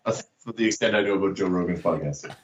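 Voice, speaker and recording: A man's voice: low voice, quick pace, muffled recording, a little hiss or hum. A man from Canada, a band member guest on a podcast, trading teasing jokes and laughing often. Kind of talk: casual chat.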